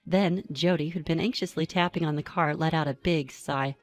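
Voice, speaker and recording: Calm woman narrating a story. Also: deep voice, moderate pace, hardly any pauses. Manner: calm, even storytelling with dry asides. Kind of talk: first-person story narration.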